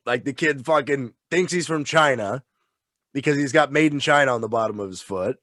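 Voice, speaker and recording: A man co-hosting a casual chat who talks in an excited, rambling, profane way and sounds tipsy. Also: mid-range voice, a little fast, no echo, studio quality. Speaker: podcast co-host.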